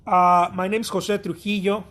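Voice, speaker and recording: A man's voice: sits high, level tone, a little slow, a bit bright. A man from Mexico, an artist giving a blunt, profane, repetitive pep talk in a casual vlog.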